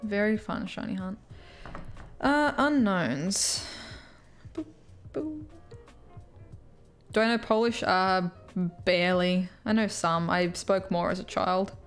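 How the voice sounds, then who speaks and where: A woman's voice: on the low side, fairly even intonation, normal speed, few pauses, soft background music. Chatty Australian woman streamer. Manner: chatty, answers viewer comments, laughs often. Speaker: live streamer. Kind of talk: casual live-stream chat. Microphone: headphones with mic.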